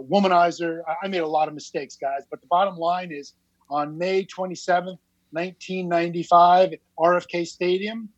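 High-voiced New Jersey man in his fifties. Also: dry recording, lo-fi sound. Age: 50s. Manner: candid, self-deprecating, laughs often. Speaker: podcast guest. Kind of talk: casual storytelling.

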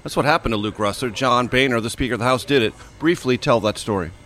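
A man in his sixties hosts a relaxed interview, dry and wry in his asides. His pitch is ordinary for a man. He keeps the conversation moving along. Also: quick pace. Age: 60s. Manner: wry, steering the talk. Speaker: podcast host. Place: bar.

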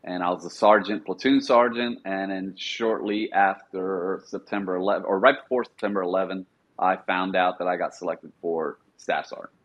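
A middle-aged man with a low voice recounts his time in the service in a casual interview. He slips into the voices of the officers he quotes, and his audio sounds dull and lo-fi. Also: normal speed. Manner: animated storyteller, acts out quoted officers in a higher voice. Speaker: podcast guest, former Marine sniper.

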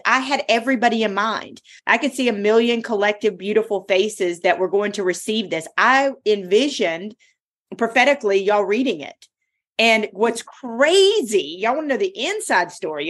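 A woman hosting a podcast who tells a personal story in an emphatic, expressive way. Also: mid-range voice. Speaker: podcast host and author. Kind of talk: casual podcast chat.

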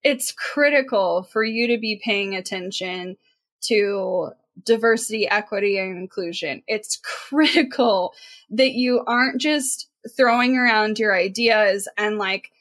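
A woman's voice: medium pitch, a little slow, a bit bright. A woman co-hosting a podcast, talking earnestly and emphatically in casual chat, with frequent filler words. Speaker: podcast co-host.

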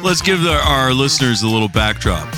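A man's voice: medium pitch, very animated, a little fast, music in the background. A man hosting a podcast, telling a rambling story in casual chat and laughing often. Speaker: podcast host.

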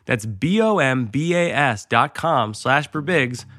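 A man's voice: mid-range voice, lively intonation, a little slow, a bit bright, faint music behind. A man hosting a podcast, chatting casually and reading ads in a playful, jokey way. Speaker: podcast host. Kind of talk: casual chat and host-read ads.

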